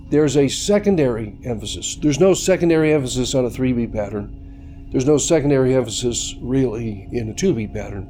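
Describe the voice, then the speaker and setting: A man's voice: mid-range voice, warm tone, slight background noise. A man teaching congregational song leading, patiently coaching and counting beats aloud. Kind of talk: instructional lesson. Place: church.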